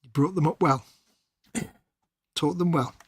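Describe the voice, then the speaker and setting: Husky, deadpan middle-aged male co-host. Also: fairly high pitch, unhurried, no room sound. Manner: dry, deadpan joker. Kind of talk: casual live-stream chat.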